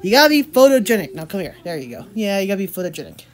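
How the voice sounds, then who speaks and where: A woman's voice: mid-range voice, very animated, racing. A woman vlogging casually about her day, chatting and talking playfully to her pets. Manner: chatty, playful, talks to pets in silly voices. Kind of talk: casual family vlog chat.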